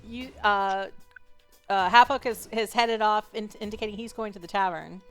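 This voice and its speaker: A woman narrating as game master of a tabletop game, relaxed and chatty, with lots of fillers and laughs. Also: medium pitch, normal speed, faint music behind.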